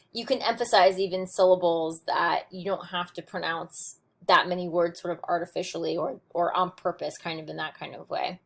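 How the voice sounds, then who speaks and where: A woman teaching a recorded lesson on poetic meter, explaining step by step with frequent ums and restarts. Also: on the low side. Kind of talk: recorded lecture on poetry notes.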